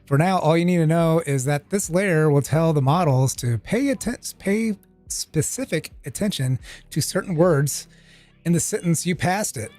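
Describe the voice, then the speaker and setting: A man's voice: a little high, moderate pace, a little mellow, faint music behind. Man reading a tutorial on stream. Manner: reads text aloud with casual asides and swearing.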